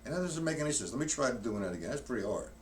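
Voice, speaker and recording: A male drum teacher talks very fast in a mid-range voice with big pitch swings during a live-streamed lesson, counting strokes aloud and explaining technique in a rambling, restart-heavy way. Heavy background noise and loud drum hits come through the distant mic in his drum room.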